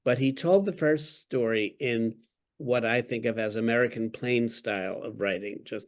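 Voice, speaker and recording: A male author tells his stories in an articulate, wry manner and chuckles now and then. His voice sits at a middle male pitch. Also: normal speed. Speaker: author, podcast guest. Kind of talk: interview.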